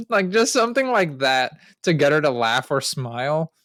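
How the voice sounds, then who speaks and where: A young man and podcast co-host telling stories in casual chat, animated, swearing freely and laughing often. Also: mid-range voice, normal speed, no room sound, studio quality.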